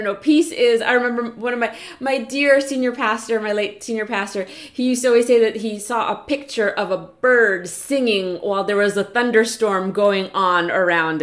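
A woman preaching a chapel message, earnest and encouraging, slowing down to read scripture aloud. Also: on the high side. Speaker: chapel speaker. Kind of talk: sermon.

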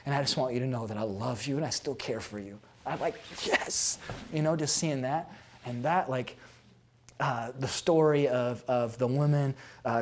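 Expressive male pastor telling a story. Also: medium pitch. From South Dakota. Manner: animated, expressive storyteller who laughs at his own stories. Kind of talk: sermon-style storytelling talk.

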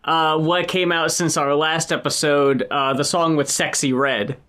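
A podcast co-host talks through rap news in an easygoing chat. The delivery is dry and sarcastic, with plenty of swearing. The voice sits at a mid pitch. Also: fairly even intonation, unhurried, fairly bright tone. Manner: dry, sarcastic, profane storytelling. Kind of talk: casual chat.

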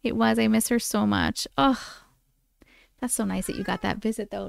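High, gravelly woman gushing on a live stream. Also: fairly even intonation, moderate pace, no room sound. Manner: gushing and affectionate, chatty. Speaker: live-stream host reading viewer stories. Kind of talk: casual live-stream chat. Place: at home with her cats.

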